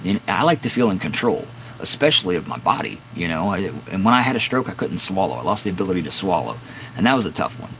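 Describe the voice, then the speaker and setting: A man's voice: sits low, very animated, fast, a bit bright, a little hiss or hum, poor audio. A man in his fifties casually telling a long, candid story on a live stream from his garage, rambling with fillers and restarts. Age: 50s. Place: home garage with door open at dusk.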